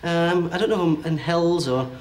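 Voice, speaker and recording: A man working as a medium, giving a one-to-one reading in halting bursts with frequent checks like "okay?". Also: on the high side, a little hiss or hum. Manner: hesitant, relays messages in bursts with many okays.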